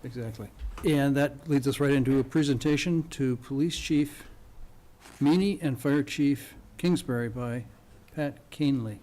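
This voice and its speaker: Man chairing a meeting, mellow tone. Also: mid-range voice, normal speed. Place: town meeting room.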